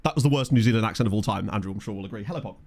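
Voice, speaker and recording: A man's voice: fairly low pitch, racing, darkish tone, a little hiss or hum. A man with a chatty, jokey manner, live-streaming a management game and reading out stats while talking to chat.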